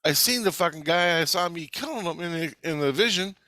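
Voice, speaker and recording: Forceful, profane man telling stories. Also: on the high side, animated, fairly quick, few pauses, no echo. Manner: profane, intense, rambling storytelling. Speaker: vlogger recounting past-life memories. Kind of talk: casual spoken monologue.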